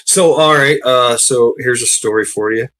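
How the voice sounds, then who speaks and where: A man's voice: medium pitch, moderate pace, fairly bright tone, poor audio. A man hosting a livestream, telling a casual rambling story, laughing often and swearing freely. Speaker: livestream host.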